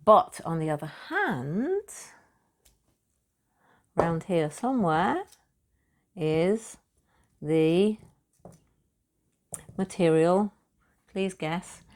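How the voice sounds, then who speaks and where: Chatty British woman perfumer, fairly low voice. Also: drawn-out words, pauses often. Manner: chatty, laughing, repeats words when excited. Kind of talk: casual talk on perfume materials.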